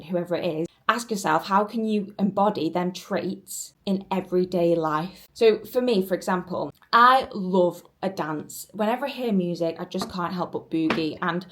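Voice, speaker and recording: A young woman giving an earnest, chatty motivational talk to camera as a self-help vlogger. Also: on the low side.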